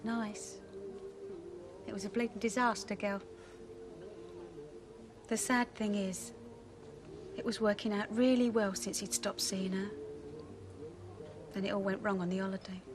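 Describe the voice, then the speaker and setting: A woman's voice: mid-range voice, steady tone, a little slow, pauses often, noisy background, close to an everyday voice. Actress playing a sardonic landlady. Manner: sardonic, dramatic, calls people darling. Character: brassy, wisecracking London landlady in emotional turmoil. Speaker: pub landlady. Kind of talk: 1980s TV soap drama.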